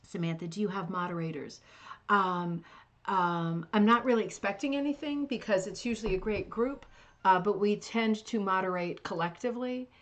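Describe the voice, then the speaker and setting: A woman hosts a craft club livestream from her couch at home. She chats warmly and casually, greeting viewers by name, and her sentences are full of fillers and restarts. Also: medium pitch, normal speed. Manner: chatty and warm, with many fillers and restarts. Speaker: host of a rug hooking club livestream.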